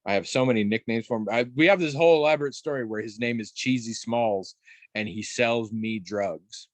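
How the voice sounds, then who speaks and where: An adult man on a podcast in casual chat, telling stories in a rambling, animated way with restarts and the odd swear. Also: medium pitch, brisk, no room sound. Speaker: podcast co-host.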